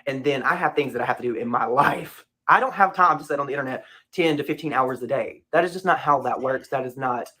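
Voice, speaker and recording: A man's voice: mid-range voice, fast, hardly any pauses, sharp tone. A man speaking off the cuff as a commentary YouTuber, emphatic and repeating his points. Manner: casual, emphatic, repeats himself.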